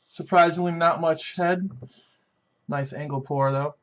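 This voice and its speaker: A man hosting a casual beer and pipe review, folksy and relaxed as he walks through each tasting step. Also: a little high, unhurried. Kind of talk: casual chat.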